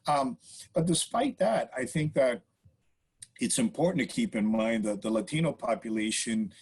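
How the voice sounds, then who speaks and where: A man's voice: medium pitch, animated, moderate pace, a little mellow, slightly rough, poor audio. A man as a podcast guest, explaining in casual interview talk and checking in with frequent "right?" and "you know" tags.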